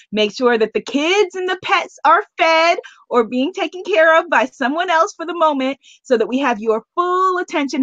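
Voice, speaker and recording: A woman's voice: high voice, no echo, lo-fi sound. A woman hosting a live online planning call. She cheers, greets each viewer by name and laughs often.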